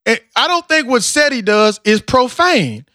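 A man leads a casual roundtable, pressing his points hard with profanity and repeated words. His voice sits very high and sounds bright and forceful. The recording is dry and close. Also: sing-song, measured pace, no room sound.

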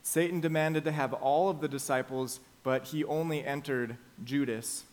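A man preaching a sermon as pastor, emphatic and slowing down to stress the key phrases. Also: mid-range voice, steady tone, darkish tone.

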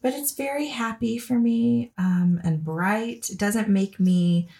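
A woman's voice: medium pitch, slow, creaky, warm tone. Chatty laughing woman podcast host. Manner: chatty, laughs often, with fillers. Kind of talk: casual chat.

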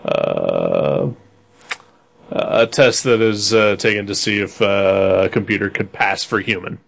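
A man's voice: lowish voice, expressive, slow pace, vocal fry. A man co-hosting a podcast in casual chat, rambling with dry jokes. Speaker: podcast co-host.

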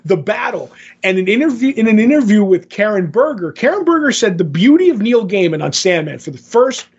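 A man in a casual podcast chat, retelling comic stories with animated energy and acting out the quotes. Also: high-pitched, a little fast, slightly rough. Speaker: podcast co-host. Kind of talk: casual comic book discussion. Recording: dull lo-fi sound.

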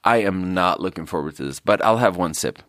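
Male podcast host, low voice, casual rambling delivery, close and dry. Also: animated, brisk, a bit bright, no echo. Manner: rambling, self-deprecating, frequent fillers. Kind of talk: casual solo talk with drink tasting.

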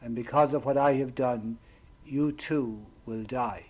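Adam, the weary first man near death, speaks heavily to all his children, played by a priest in a sermon. The words come slow and grave, in a plain mid-range voice. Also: medium pitch, darkish tone, close to an everyday voice. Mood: solemn. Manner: solemn, heavy first-person address. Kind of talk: sermon role-play.

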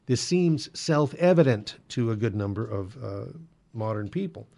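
Man, gravelly voice, middle pitch, conversational church-teaching talk, fillers. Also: expressive, moderate pace, warm tone. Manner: conversational, frequent fillers and restarts. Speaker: Catholic apologetics host. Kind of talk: casual explanatory monologue.

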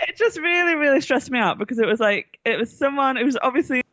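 High-voiced ranting woman with an East Midlands accent. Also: animated, fast talker, highs cut off, background noise. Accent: East Midlands English. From Derbyshire, England. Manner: exasperated, ranting, swears. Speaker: podcast co-host reviewer. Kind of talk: casual review chat.

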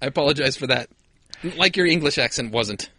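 Man, podcast co-host, casual banter, swears a lot, mid pitch, dry close sound. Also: lively intonation, fairly quick, sharp tone, no echo. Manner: joking, swears freely, laughs often. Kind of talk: casual chat.

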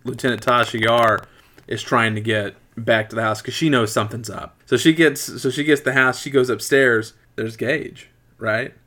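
A man's voice: mid-range voice, moderate pace. Man animatedly recapping a film. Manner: animated retelling with wry asides. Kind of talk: casual movie recap chat.

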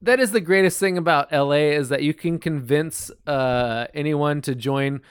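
A man's voice: a little high, moderate pace, clean tone, dry recording, studio quality. A man co-hosting a podcast, talking bluntly and emphatically about a film. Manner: blunt, emphatic, profane storytelling. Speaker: podcast co-host. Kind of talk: casual podcast chat.

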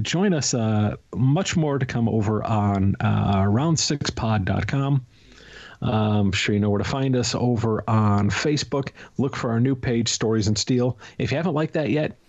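A man in an easygoing podcast chat, cracking jokes at his own expense. His voice sits at an ordinary pitch, relaxed and conversational. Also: highs cut off. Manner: joking, chatty, self-deprecating. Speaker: podcast co-host.

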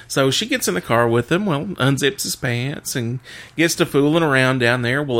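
A man's voice: medium pitch, moderate pace. A man in casual chat, telling a long dirty joke and laughing at his own punchlines. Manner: laughs at his own jokes, animated storytelling.

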